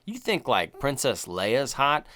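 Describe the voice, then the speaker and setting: A man co-hosting a podcast in casual chat, animated and swearing, with lots of "dude" and "like". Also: medium pitch, unhurried. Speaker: podcast co-host.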